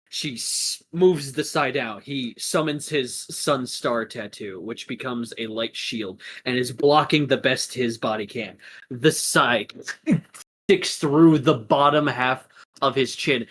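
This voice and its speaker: A woman narrating a tabletop game as game master, casual and animated. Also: extremely low pitch, slow pace, breathy edge.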